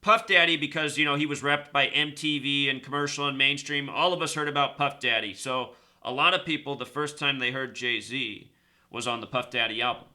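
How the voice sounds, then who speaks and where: A man hosting his own video, talking casually and rambling, repeating numbers and speeding up, then slowing down to stress a point. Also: medium pitch, bright, forceful tone. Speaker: video host. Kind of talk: casual monologue to camera.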